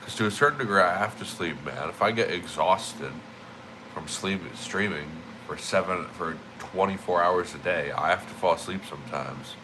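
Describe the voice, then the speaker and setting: A man's voice: low voice, normal speed, noisy background. A young man livestreaming, just woken up, rambling and swearing with emphatic repeated words. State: just woke up. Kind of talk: casual streaming rant.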